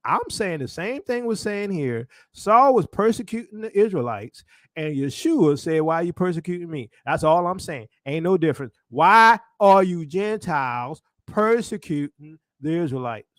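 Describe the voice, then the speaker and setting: A man's voice: sits high, expressive, a little slow, no echo, studio quality. A man preaching a sermon with fervent, rising intensity, calling out directly to his listeners. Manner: fervent, rising to shouted exclamations; calls out to the congregation.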